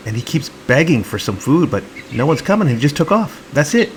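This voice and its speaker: A man's voice: mid-range voice, big pitch swings, brisk, hardly any pauses, a little hiss or hum, low-quality recording. A man hosting a comedy video, narrating in a mock-serious, earnest tone and speaking for the birds he films. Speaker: channel host.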